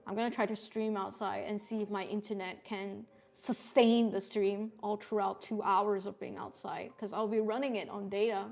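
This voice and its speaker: A young woman streaming from home, chatting casually with viewers as she draws, often laughing and swearing. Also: medium pitch. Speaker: artist streamer. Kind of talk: casual live-stream chat while drawing.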